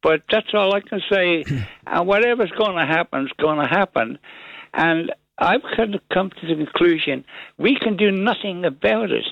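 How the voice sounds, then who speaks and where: A man phoning in to a late-night talk show, his voice gravelly and somewhat high for a man. He rambles and restarts his sentences, and the phone line makes him sound dull and muffled. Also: expressive, normal speed, no echo. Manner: hesitant, rambling, many restarts. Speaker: caller. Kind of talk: talkback radio call.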